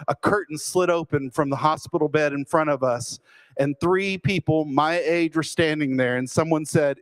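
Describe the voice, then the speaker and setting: Guy telling a funny story about himself, bit high voice, dry comic timing. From Fort Worth, Texas. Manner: self-deprecating, deadpan comic timing. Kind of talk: humorous personal storytelling.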